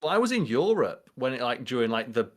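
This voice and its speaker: A man co-hosting a casual podcast, telling animated stories and swearing offhand. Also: mid-range voice, a little fast. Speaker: podcast co-host. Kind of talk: casual chat.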